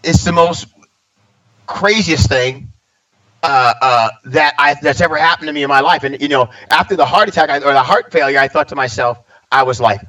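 A man's voice: on the high side, normal speed, rough recording. A man in his fifties, a stand-up comedian, telling a personal story in casual conversation and acting out what other people said. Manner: animated storyteller acting out quoted dialogue.

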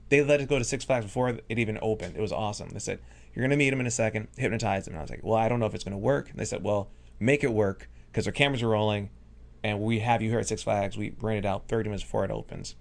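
Man, guest storyteller, gravelly, laid-back, amused. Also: fairly low pitch, rapid-fire. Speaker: hypnotist guest. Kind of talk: casual storytelling.

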